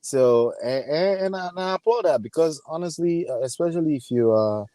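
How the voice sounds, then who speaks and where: A man with a Nigerian accent, a guest on a live stream, giving earnest advice in a halting way. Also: a little high, lively intonation, warm tone, no room sound. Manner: hesitant, with many fillers and restarts, earnest advice. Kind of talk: casual live-stream chat.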